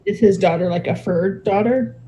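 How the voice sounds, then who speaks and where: A chatty woman hosting a podcast, talking in a mellow, warm voice. She jokes around and tosses in quick asides. A faint hum of room noise sits behind her. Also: medium pitch, low-quality recording. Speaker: podcast host. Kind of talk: casual chat.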